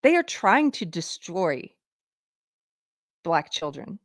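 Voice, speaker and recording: A woman's voice: lowish voice, very animated, slow, no echo, studio quality. Indignant Southern woman hosting a show. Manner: indignant, emphatic, reads items from a list. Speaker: livestream show host. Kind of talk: live political commentary.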